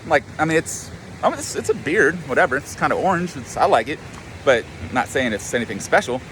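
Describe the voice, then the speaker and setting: A man's voice: fairly high pitch, very animated, quick pace, a bit bright, slight background noise. Rambling, profane man vlogging. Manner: rambling, profane, self-mocking. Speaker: vlogger and life coach. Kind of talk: casual spoken monologue.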